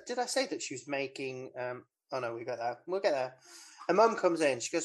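A woman's voice: rumbling low, expressive, normal speed. A woman talks through a film plot in a loose, rambling way, full of fillers and little laughs. She sounds like a casual podcast co-host chatting with a friend. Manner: chatty, rambling, giggly recap with many fillers. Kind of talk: casual chat.

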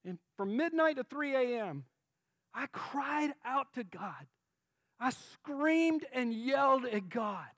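A middle-aged man preaching a sermon as pastor, impassioned, swinging from soft tender lines to shouted cries. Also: extremely high pitch, expressive, slow pace, no echo.

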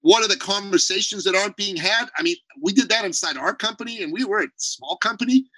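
A man as a podcast guest on a video call, talking in an emphatic, blunt way and telling animated stories. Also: high-pitched, fast talker, dry recording, poor audio. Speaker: podcast guest, business owner. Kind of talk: energetic interview talk.

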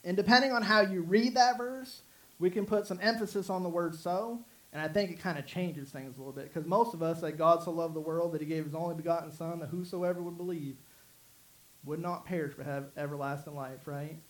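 A man's voice: a little high, brisk, a bit bright, rough recording. A man preaching a sermon in an earnest, rambling way, with many restarts. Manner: earnest, repetitive with frequent restarts and fillers. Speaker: pastor.

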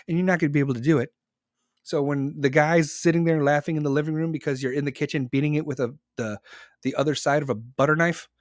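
A man's voice: on the high side, fairly quick, no echo. Profane, rambling man chatting dry. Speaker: streamer reading chat. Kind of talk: casual chat.

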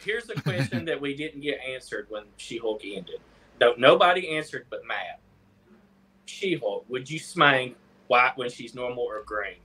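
A man's voice: mid-range voice, animated, measured pace, pushed and bright, husky, low-quality recording. A man in a casual podcast chat, crude and teasing, others chattering behind.

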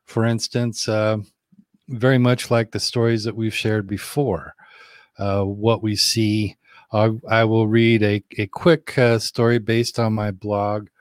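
A man's voice: fairly low pitch, little pitch movement, slow pace, clean tone, no room sound, studio quality. A man who drives a bus, co-hosting a casual chat, easygoing and laughing often, with many fillers. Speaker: podcast co-host, bus driver.

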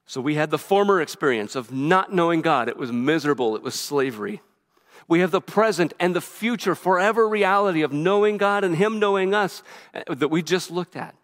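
A male pastor preaching a sermon quickly and earnestly, often restarting his phrases. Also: fairly high pitch, expressive, a bit bright. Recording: reverberant hall.

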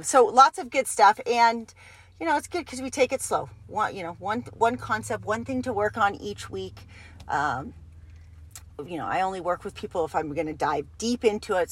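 A woman's voice: medium pitch, expressive, normal speed, breathy edge. A woman co-hosting a personal growth talk, chatting casually and rephrasing her thoughts as she goes. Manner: rambling, restarts and rephrases mid-thought. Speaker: co-host of a personal growth group. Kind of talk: casual podcast chat.

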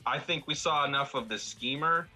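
A man's voice: medium pitch, moderate pace, bright, forceful tone, breathy edge, soft background music, low-quality recording. A man talking casually on a podcast panel about a film, rambling with many fillers and restarts.

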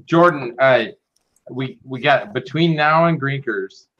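Slow bright-voiced man, dull audio. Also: mid-range voice, animated. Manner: halting, filler-heavy. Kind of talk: casual group chat.

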